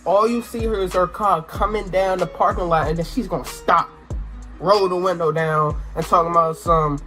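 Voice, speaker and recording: A young man with a high voice spins a wild personal story, animated and loose, full of slang and sudden exclamations. His tone is bright and sharp, and faint music plays underneath. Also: normal speed. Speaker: storytime vlogger. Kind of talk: casual storytelling to camera. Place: indoor room, sit-down recording.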